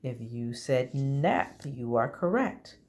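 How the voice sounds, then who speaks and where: A woman teaching a recorded early-grade reading lesson, slow and deliberate, encouraging the children. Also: a bass voice, animated, darkish tone.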